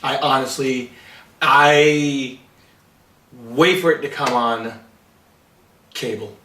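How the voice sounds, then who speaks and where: A man's voice: medium pitch, fairly even intonation, slow pace, sharp tone, a little hiss or hum. A man hosting a podcast in casual chat, ranting with sarcastic disbelief about a movie. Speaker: podcast host. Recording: echoey room, mic set far off.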